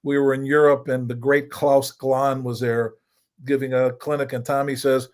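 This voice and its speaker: A man's voice: mid-range voice, flat delivery, moderate pace. Older man coaching with folksy repetition. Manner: folksy, repeats points for emphasis. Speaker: judo coach and co-host. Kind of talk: casual coaching talk.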